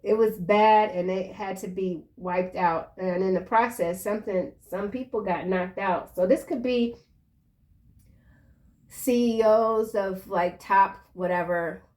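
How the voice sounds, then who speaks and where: Woman, tarot reader, unhurried delivery, chatty and slangy, sudden excited outbursts. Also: mid-range voice. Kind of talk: casual tarot reading.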